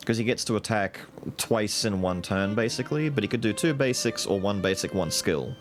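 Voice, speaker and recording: A man's voice: lowish voice, moderate pace. A young man streaming a video game, chatting casually with jokes and rambling asides. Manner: animated, joking, rambling. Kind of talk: casual live gameplay commentary. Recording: game music in background.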